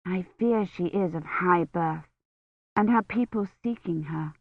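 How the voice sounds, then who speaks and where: A woman reading a careful, soft-spoken noblewoman. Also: on the low side, a little slow, breathy edge, no room sound, muffled recording. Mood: worried. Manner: careful, hushed speech.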